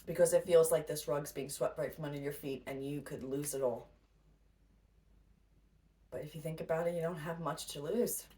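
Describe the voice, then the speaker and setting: A woman's voice: deep voice, fairly even intonation, normal speed, pauses often, mellow. A woman giving a casual spiritual pep talk as a tarot reader, blunt and profane, often laughing. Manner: blunt, swears freely, laughs a lot. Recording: distant mic with faint noise.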